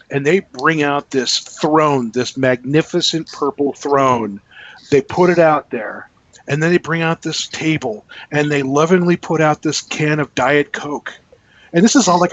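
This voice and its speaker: Guy author telling a story on a podcast, kinda high voice, muffled lo-fi audio, does little voices for people. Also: a little slow. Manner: animated storyteller, acts out quotes. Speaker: guest author. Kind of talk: casual anecdote on a podcast.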